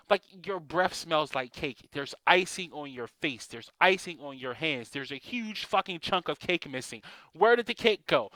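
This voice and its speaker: A man's voice: a little high, animated, normal speed, pushed and bright, dry recording. A man in a casual ranting monologue, exasperated and swearing often as he vents about things he hates. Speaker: vlogger.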